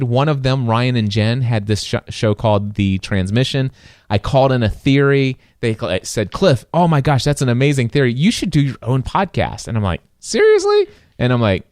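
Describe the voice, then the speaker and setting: Excitable male podcast host, dry close mic. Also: mid-range voice, clear, resonant tone, no room sound. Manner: animated, excitable storytelling with many restarts. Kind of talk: casual storytelling chat.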